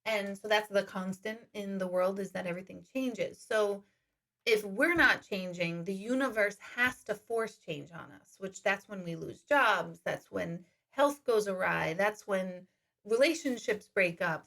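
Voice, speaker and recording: A woman's voice: medium pitch, creaky, fairly bright tone. Chatty woman medium answering live questions. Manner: chatty, laughs often, reads out viewer questions. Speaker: intuitive medium. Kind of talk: live-stream Q&A chat.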